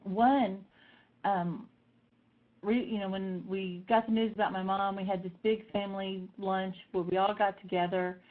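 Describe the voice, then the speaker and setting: A middle-aged woman telling personal stories in a lively way, acting out the voices of the people she quotes. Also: mid-range voice, unhurried. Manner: animated, acts out voices in quotes. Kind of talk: personal storytelling talk. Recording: tinny phone-like sound.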